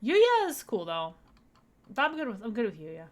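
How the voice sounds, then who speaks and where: A woman's voice: fairly high pitch, wildly swooping pitch, normal speed. A woman vtuber giving casual, joking commentary while playing a game. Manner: chatty, joking asides. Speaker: vtuber streamer.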